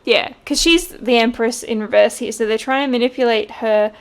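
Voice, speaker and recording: A woman giving a casual tarot reading, chatty and quick to laugh. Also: a little high, clear, resonant tone. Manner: chatty, laughs often, mimics voices in quotes. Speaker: tarot reader.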